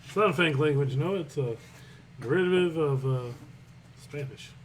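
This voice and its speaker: A man co-hosting a podcast in casual chat, joking in a deadpan way. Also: fairly high pitch, normal speed, rough recording. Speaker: podcast co-host. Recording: faint background noise.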